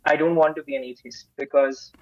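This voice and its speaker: A man's voice: on the high side, fairly even intonation, brisk, no echo. A man calling in to a debate show. He talks hesitantly, stammers and keeps apologizing. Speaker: caller. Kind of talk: call-in debate. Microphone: remote call-in line. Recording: husky, muffled call audio.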